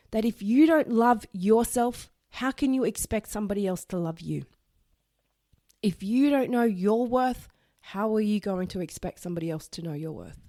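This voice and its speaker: A woman's voice: fairly high pitch, warm tone, no echo, clean studio sound. A woman hosting her own solo podcast, talking in a chatty, earnest and self-deprecating way. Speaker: podcast host. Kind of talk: solo motivational podcast talk.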